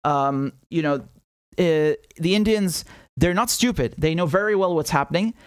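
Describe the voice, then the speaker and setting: On a live political commentary stream, a young man with a clean-toned, somewhat high voice talks at a moderate pace in echo-free studio sound. The independent host is angry, sarcastic and profane, restarting sentences awkwardly and reading out messages attached to viewer donations.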